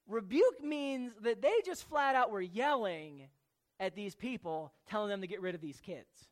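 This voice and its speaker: A preacher working through a scripture passage at an unhurried, measured pace. Key words come back again and again, and questions are put to the listeners. The voice sits at a middling pitch. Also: lively intonation. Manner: slow and deliberate, repeats key words, asks the listeners questions. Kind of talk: sermon teaching from scripture.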